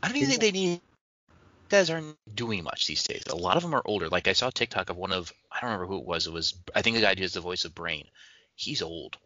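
Deep bright-voiced man chatting casually. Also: animated, fast talker, no echo, lo-fi sound. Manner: chatty, upbeat, loose reaction commentary. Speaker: podcast co-host. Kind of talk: casual chat.

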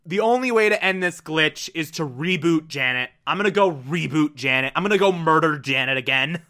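A person voicing a weary, scheming male afterlife architect in a lower, flat, resigned tone. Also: fairly quick.

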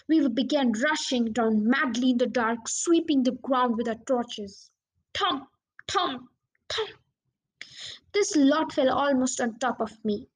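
Woman, storybook narration, high voice, steady reading pace. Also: husky. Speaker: audiobook reader.

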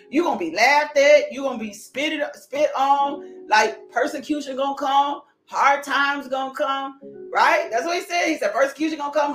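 A woman preaching a passionate sermon, shouting, laughing and close to tears as she talks. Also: high voice. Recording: echoey room with faint music.

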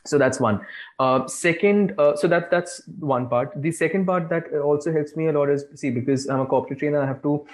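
A man's voice: on the high side, a little fast, low-quality recording. Chatty man, rambling. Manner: chatty, rambling, with many fillers and restarts. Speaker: illustrator and corporate trainer being interviewed. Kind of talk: casual podcast conversation.

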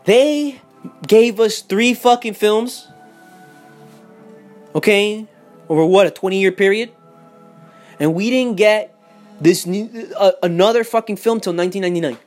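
Young male vlogger, heated rant, higher-pitched voice, soft music underneath. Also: a little slow, pauses often. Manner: heated, profane, repeats himself, swings loud and quiet. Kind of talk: profane casual rant. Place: home in Miami.

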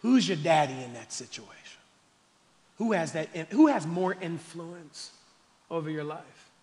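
A male pastor preaching a sermon, calling the congregation y'all and swinging between quiet questions and shouted declarations. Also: a little high, animated, measured pace. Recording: long hall reverb.

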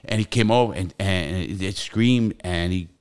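An older man tells a long, wandering story on a podcast. His voice sits a bit low, and he curses freely. He restarts his sentences often as he goes. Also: normal speed, smooth. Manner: rambling storyteller, swears freely, many restarts. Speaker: podcast host. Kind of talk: casual podcast chat.

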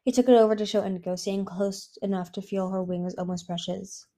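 A woman's voice: medium pitch, fairly quick. Woman narrating a fantasy storybook. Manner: even, occasionally stumbling reading. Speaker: audiobook reader.

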